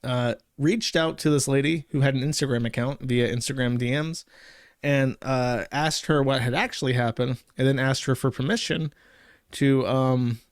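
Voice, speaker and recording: A man's voice: medium pitch, fairly even intonation, dry recording. Rambling male commentary host, dry sound. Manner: rambling, halting with many fillers and self-corrections. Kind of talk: casual online commentary.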